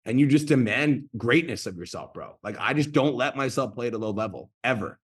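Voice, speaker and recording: A man's voice: mid-range voice, lively intonation, brisk, husky. A man in his thirties coaching a group video call, blunt and profane, talking in a pumped-up motivational way. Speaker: online business coach hosting a group call.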